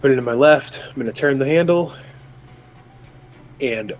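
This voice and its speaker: A man's voice: medium pitch, normal speed, slight background noise. A man playing a tabletop game, talking through his character's actions and asking the game master questions. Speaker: player. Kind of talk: casual tabletop play.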